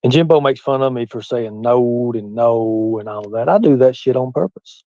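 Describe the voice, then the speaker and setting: A man's voice: medium pitch, moderate pace, few pauses, no echo, dull audio. A man with a Southern US hillbilly accent, rambling and swearing freely on a casual livestream while he reads chat aloud. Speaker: livestream host.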